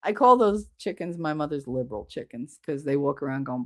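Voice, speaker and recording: A woman's voice: low voice, animated, brisk, few pauses, a bit bright, no echo, studio quality. A middle-aged woman hosting a livestream, talking in a rambling, candid way with lots of fillers and the odd swear word. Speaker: livestream host. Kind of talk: casual chat.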